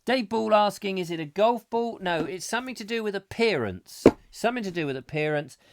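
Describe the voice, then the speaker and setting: A man's voice: high-pitched, expressive, a little fast. A middle-aged man hosting a live comic chat show, reading out viewer comments with playful, rambling jokey asides.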